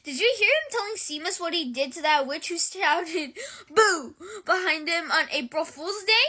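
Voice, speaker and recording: A woman's voice: very high voice, lively intonation, normal speed, pushed and bright, full character voice. A woman reading aloud from a storybook and voicing a teenage boy student who grumbles and complains. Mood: grumbling.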